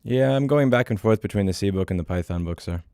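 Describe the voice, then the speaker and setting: Gravelly low-voiced man, blunt and profane. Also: quick pace, warm tone, no echo, clean studio sound. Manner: profane, blunt, muttering to himself. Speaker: livestreamer coding. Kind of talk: casual livestream chat while programming.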